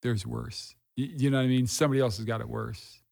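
A gravelly, creaky-voiced man in middle age talks in an earnest, unpolished way, like a pastor in conversation. He leans on repetition to drive his points home. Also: mid-range voice, steady tone, racing, darkish tone. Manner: earnest, repeats phrases for emphasis. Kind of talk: candid conversational testimony.

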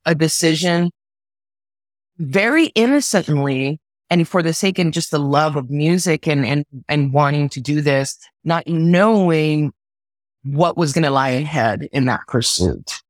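A woman's voice: low-pitched, no echo. Woman from socal telling her story, stumbles and repeats words, dry sound. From Southern California. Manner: earnest, halting, repeats words when moved. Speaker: guest, orchestra conductor. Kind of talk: personal storytelling in an interview.

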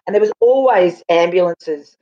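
A middle-aged woman co-hosting a podcast, telling stories in an animated, chatty way. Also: on the low side, normal speed. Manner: animated storyteller. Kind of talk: casual chat. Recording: slightly dull lo-fi sound.

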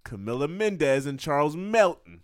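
A man's voice: on the high side, very animated, moderate pace, no room sound, clean studio sound. A man co-hosting a casual podcast, playfully reading out lists and laughing often. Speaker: podcast co-host.

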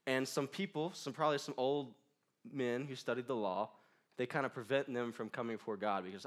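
A man's voice: mid-range voice, normal speed. A young man preaching a casual, joking sermon in a church, laughing often between lines. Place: church in front of a crowd.

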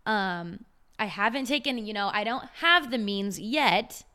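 A fitness trainer in her twenties chats on a podcast in a medium-pitched, animated voice that's bright, forceful, and clean. She speaks unhurriedly but enthusiastically, leaning on slang and filler words, especially "like."

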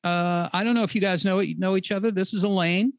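A woman's voice: mid-range voice, steady tone, no room sound. Earnest woman talk show host. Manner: earnest, encouraging, halting.

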